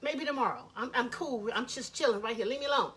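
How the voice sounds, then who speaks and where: A lazy, stubborn rabbit brushes everyone off in a drawling, dismissive voice, as a woman storyteller plays him. He sounds high and carefree. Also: fast, a bit bright, a little hiss or hum, close to an everyday voice.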